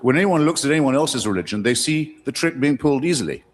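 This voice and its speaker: A man's voice: medium pitch, lively intonation, fast. A man speaking eloquently and measuredly in a formal public debate, answering a question. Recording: reverberant debate hall.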